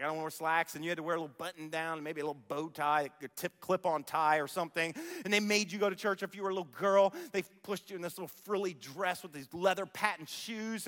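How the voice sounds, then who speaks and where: Middle-aged male preacher, bright forceful voice, lively rhetorical sermon delivery in a reverberant church. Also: high voice. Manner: animated storytelling, rhetorical questions to the congregation. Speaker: pastor. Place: church sanctuary.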